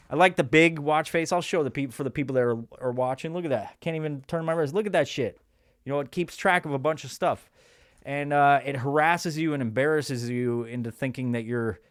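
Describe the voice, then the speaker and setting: Medium-pitched and clean in tone, a man hosting a podcast delivers a sarcastic, crude monologue that rambles and restarts often. The recording is dry and of studio quality.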